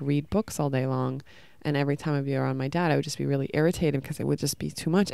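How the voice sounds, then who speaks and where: A woman's voice: deep voice, gravelly, mellow, clear, resonant tone, no room sound. A woman hosting a podcast, telling an emotional personal story in a rambling way with many fillers. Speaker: podcast host.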